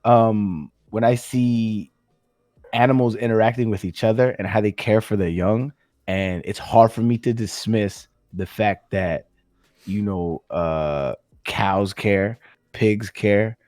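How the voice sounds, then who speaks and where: In halting casual chat, a man on his podcast keeps restarting as he sorts out his thoughts and throws in slangy self-quotes. His voice is lowish with a darkish tone, recorded at studio quality with no room sound.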